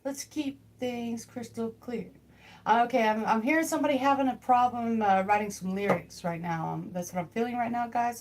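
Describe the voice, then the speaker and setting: A chatty young woman with a drawl rambles through a tarot livestream, joking with her chat as she goes. Her voice sits a little high. A faint hiss runs under the recording. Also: a little fast, a little mellow. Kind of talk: casual live tarot stream. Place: home.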